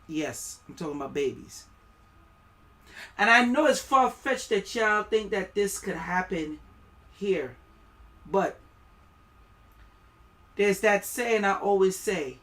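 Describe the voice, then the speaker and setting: A man's voice: high voice, expressive, slow, pauses often, sharp tone. A man with a West Indian accent giving rambling, preachy live-stream commentary, reading aloud and stumbling over words.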